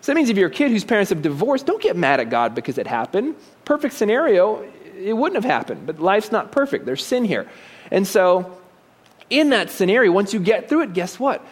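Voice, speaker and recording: A man's voice: sits high, sing-song, fairly quick, breathy edge. A man giving a conversational sermon, asking rhetorical questions and dropping joking asides. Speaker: preacher.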